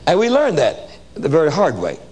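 A man preaching a sermon full of stories, animated and colloquial, repeating words for emphasis. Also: a little high, moderate pace. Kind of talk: sermon with storytelling.

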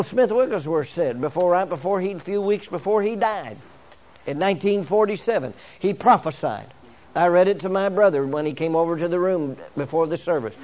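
An older man preaching a sermon live in a church, repeating and restarting phrases as he builds to fervent near-shouting. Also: a little high.

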